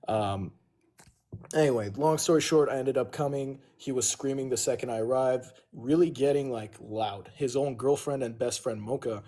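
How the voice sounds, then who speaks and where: A man's voice: mid-range voice, moderate pace, mellow. Casual swearing man telling a long story. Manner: rambling, profane, owns his mistakes. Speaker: livestream host.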